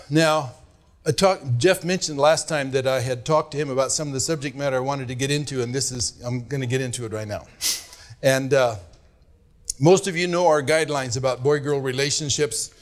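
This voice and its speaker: A man's voice: mid-range voice, steady tone. A man preaching a sermon as pastor, earnest and admonishing, leaning hard on his key words. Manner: earnest, admonishing, drawn-out emphasis.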